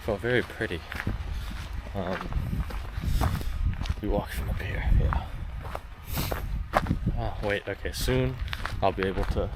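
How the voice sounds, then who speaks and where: A man from the US talks in a deep, low voice, rambling and joking at his own expense as he walks outdoors. He films on a handheld phone, and clear outdoor noise runs under his voice. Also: slow, long pauses. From United States. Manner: rambling, self-deprecating, many fillers. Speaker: travel vlogger. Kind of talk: casual walking vlog. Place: outdoors on a rural back road. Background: footsteps on gravel and leaves, outdoor sounds.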